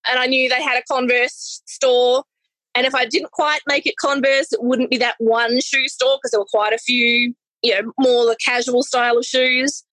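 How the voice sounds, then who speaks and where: Brief: high-voiced woman balloon artist, chatty and animated, dry close sound. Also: dry recording, rough recording. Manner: chatty, animated, self-correcting. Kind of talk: casual storytelling.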